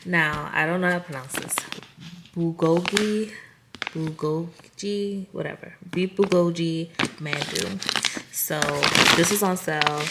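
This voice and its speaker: A woman's voice: sits low, vocal fry, very noisy. A woman vlogger casually chatting through a grocery haul, talking straight to her viewers and laughing at herself. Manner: chatty, self-amused, talks to viewers directly.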